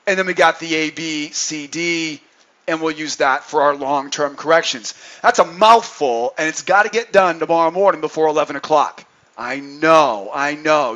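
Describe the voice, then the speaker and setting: A man from New England giving energetic chart commentary as a trading coach, often checking in with listeners with "right?" and joking with himself. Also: a little high, lo-fi sound. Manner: energetic, keeps asking "right?", jokes with himself.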